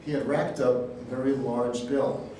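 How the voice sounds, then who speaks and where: A man teaching a sermon, telling personal stories in a folksy, animated way. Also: mid-range voice, measured pace, slight background noise. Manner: storytelling, animated, folksy asides. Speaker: healing ministry teacher. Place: church hall. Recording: echoey hall, speaker far from the mic.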